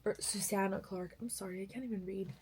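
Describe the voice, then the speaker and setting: A woman's voice: mid-range voice, fairly even intonation, a little fast, a little mellow, husky, poor audio. Chatty young woman vlogging about books. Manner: chatty and rambling, correcting herself often. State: tired. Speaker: book vlogger. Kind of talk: casual chat to camera.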